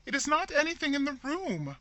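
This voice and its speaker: A man voicing a frightened, tearful woman who speaks in shrill, choked wails. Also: lively intonation, normal speed, pushed and bright, dry recording, heavily acted. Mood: terrified. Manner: shrill, wailing, choked with fear. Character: weepy frightened woman, Rebecca.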